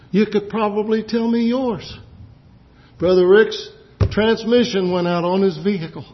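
A man preaching a sermon, climbing to impassioned, emphatic peaks. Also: high-pitched. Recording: dull lo-fi recording.

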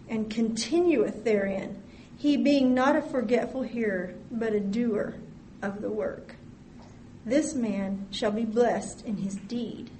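A woman's voice: a little high, mellow, a little hiss or hum. A woman preaching a sermon, reading scripture aloud and speaking prayers in an earnest, explanatory way. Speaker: Bible teacher. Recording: echoey room with faint ambience.

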